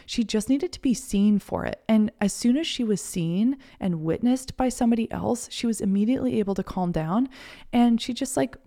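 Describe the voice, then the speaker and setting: A woman hosting a podcast, talking through self-compassion in a soft, reflective, gently encouraging way. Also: on the high side, expressive, moderate pace. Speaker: podcast host and coach. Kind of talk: casual motivational monologue.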